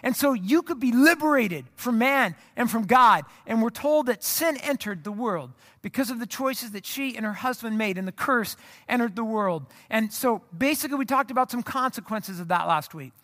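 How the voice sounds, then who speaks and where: A man's voice: very high voice, animated, normal speed, bright, forceful tone. A man pastor from the of America, preaching a sermon in a casual, storytelling way, poking fun at himself and talking straight to the congregation. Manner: casual storytelling, self-deprecating, addresses the congregation.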